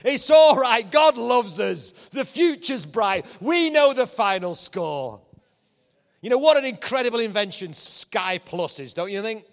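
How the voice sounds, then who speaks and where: A man preaching a lively, joking sermon to a church congregation, his voice often rising to shouts of excitement. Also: sits high, unhurried. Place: church hall. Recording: long hall reverb.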